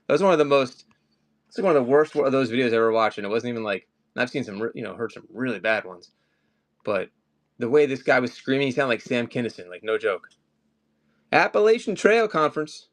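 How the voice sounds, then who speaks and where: A man in a middle register runs a live collectibles auction. He chats loosely and wanders off topic before snapping back to prices. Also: medium pitch. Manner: rambling, chatty, often off topic. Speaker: live-stream collectibles seller. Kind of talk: casual live-stream chat.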